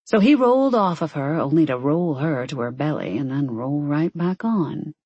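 Woman narrator, steady romance audiobook reading, husky, dry close recording. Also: low voice, normal speed, no room sound, muffled recording.

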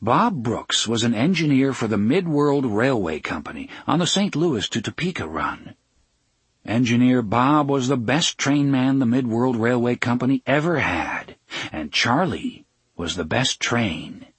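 A man's voice: medium pitch, lively intonation, unhurried, husky, dry recording. A man reading a novel aloud as audiobook narrator, expressively voicing each character. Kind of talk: scripted narration.

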